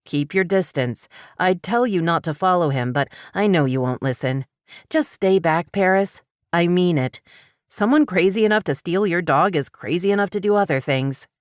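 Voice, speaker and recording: A woman's voice: lowish voice, expressive, moderate pace, no echo, clean studio sound, close to an everyday voice. A woman playing a firm police dispatcher. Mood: urgent. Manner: firm, urgent.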